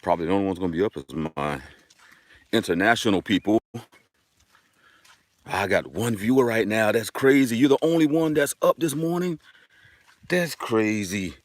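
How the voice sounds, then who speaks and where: A man's voice: fairly low pitch, expressive, moderate pace, pauses often, dry recording. A man hosting a casual live stream outdoors, chatting upbeat and directly to his viewers while walking a dirt road.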